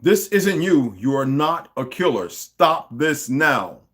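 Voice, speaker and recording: A man's voice: lowish voice, moderate pace, gravelly, warm tone. A man voicing a desperate young man in a storybook reading who urgently pleads with his lover in a raised voice. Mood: urgent pleading.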